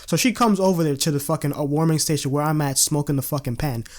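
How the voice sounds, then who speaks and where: A young adult male vlogger with a slightly high voice talks quickly through a casual storytime. He's full of slang and swearing and laughs as he goes.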